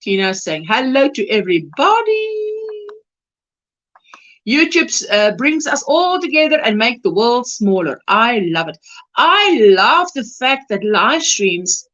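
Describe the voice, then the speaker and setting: A South African woman hosts a casual crochet livestream, her fairly high voice rising and falling in lively swings. She chats along easily, reading out viewers' comments and greeting each person by name. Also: measured pace, muffled recording. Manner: chatty, reads viewer comments aloud and greets them warmly by name.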